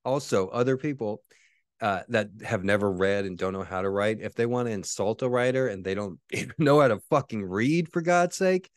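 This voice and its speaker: A man's voice: fairly low pitch, brisk, no room sound, clean studio sound. A man hosting his own show, talking in a rambling, profane monologue full of restarts. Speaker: podcast host and author. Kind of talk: casual monologue.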